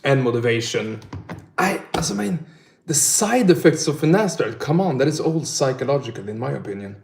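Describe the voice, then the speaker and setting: A man's voice: mid-range voice, animated, a little fast, creaky, darkish tone, slight background noise. A young man from northern Sweden with a Swedish accent, chatting casually on a livestream, swearing a lot and laughing often. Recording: roomy echo.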